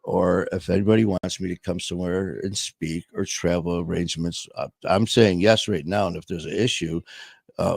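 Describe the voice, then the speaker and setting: Gravelly low-voiced man rambling on a live show. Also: darkish tone, no room sound. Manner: rambling, self-interrupting, candid. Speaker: host of a sobriety and faith live show. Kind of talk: casual live-stream chat.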